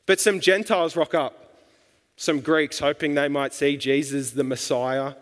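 A man preaching a sermon in a relaxed, colloquial way, with casual asides. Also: on the high side, measured pace. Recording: long hall reverb.

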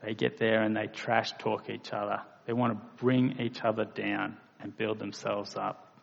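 Gravelly preacher in a reverberant hall. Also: male voice, lowish voice, flat delivery, unhurried, highs cut off. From Australia. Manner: earnest, plain-spoken, acts out quoted voices. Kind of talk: sermon.

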